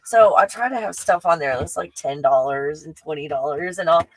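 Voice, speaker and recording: A woman's voice: low voice, lively intonation, normal speed, no echo, poor audio. A woman hosting a live stream, chatting casually and effusively with her viewers and often restarting her sentences. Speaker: livestream host.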